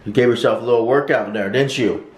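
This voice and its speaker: A man's voice: medium pitch, quick pace, breathy edge. A man vlogging casually while getting over an illness, talking playfully to his dog in a coaxing way. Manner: lively, playful coaxing talk to a pet.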